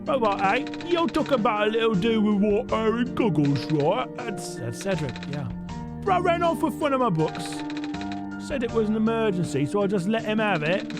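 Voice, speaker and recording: A man's voice: high-pitched, sing-song, moderate pace, music in the background, voice pushed up. A man voicing a brash, slangy woman with a half-Cockney lilt who keeps saying dude. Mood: laid-back. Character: brash slangy surfer-like female townsperson.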